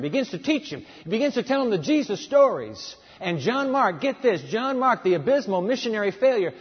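A male preacher tells the story dramatically, acting out every voice in a husky, fairly high tone. His sermon sounds dull and lo-fi, with a long echo from a big hall. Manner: dramatic storytelling, acts out dialogue.

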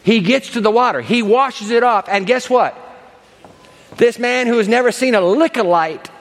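A man preaching a sermon to a congregation, telling a story with lively acting and asides. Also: extremely high pitch, normal speed, in a large hall. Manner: animated storytelling, acts out characters. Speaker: pastor. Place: large church hall with long reverb.

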